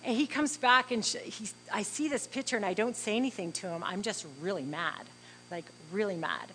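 A middle-aged woman tells her faith testimony, earnest and heartfelt. Her voice sits at an ordinary middle pitch. A faint hum runs underneath. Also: a little fast, bright, forceful tone, poor audio. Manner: earnest, heartfelt, acts out dialogue as she tells it. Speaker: speaker sharing a faith testimony. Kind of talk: personal testimony storytelling.

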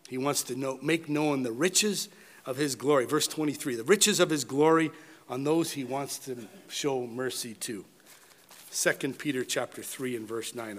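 A man preaching a sermon, rising to loud emphatic peaks and dropping to low, quiet words. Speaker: pastor.

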